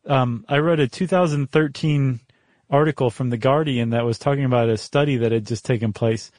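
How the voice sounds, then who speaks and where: A man's voice: mid-range voice, fairly quick, a little mellow, dry recording, studio quality. Easygoing American man in casual chat. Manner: easygoing, curious, many fillers. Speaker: podcast co-host.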